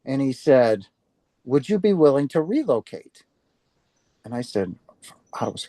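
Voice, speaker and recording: A man, a guest in an interview, telling a story casually and acting out the dialogue with lively restarts. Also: mid-range voice, measured pace, long pauses, no room sound. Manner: animated, acts out quoted dialogue with restarts.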